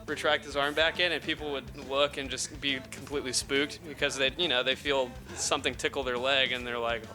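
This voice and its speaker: A man's voice: mid-range voice, little pitch movement, a little fast. A young man, a band member, chatting casually and laughing along as he recounts a story. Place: outdoor festival grounds. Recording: music clearly behind.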